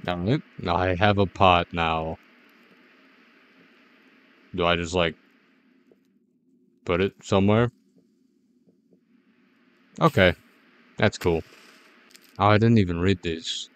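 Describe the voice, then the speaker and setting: A man's voice: deep voice, fairly even intonation, slow, pauses often, a bit bright, smooth. A man giving rambling, jittery, self-mocking commentary as a gaming YouTuber playing a horror game.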